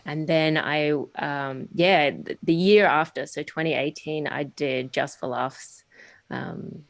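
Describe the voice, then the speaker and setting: A woman's voice: low voice, takes it slowly, creaky. A woman in her thirties, a stand-up comedian guest, chatting casually in a podcast interview with lots of fillers and self-deprecating asides. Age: 30s.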